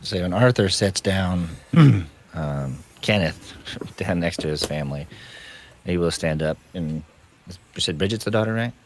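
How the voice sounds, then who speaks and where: A man playing a tabletop role-playing game, speaking in character as a calm father. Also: low voice, a little slow. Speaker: player.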